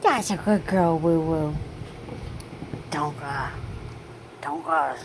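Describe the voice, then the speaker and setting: A woman cooing affectionately at her dogs in drawn-out baby talk. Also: low-pitched, background noise. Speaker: dog owner.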